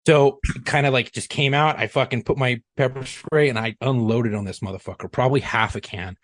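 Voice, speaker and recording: Profane ex-police chief telling stories. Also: male voice, medium pitch, steady tone, a little fast, dry recording. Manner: profane, rambling anecdote with many fillers. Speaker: podcast guest, former police chief. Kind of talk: casual podcast storytelling. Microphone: studio podcast mic.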